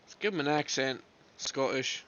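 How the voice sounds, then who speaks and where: A hoarse man from Canada, streaming while reading a visual novel aloud, casual, joking and swearing. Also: medium pitch, moderate pace, fairly bright tone. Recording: dull lo-fi.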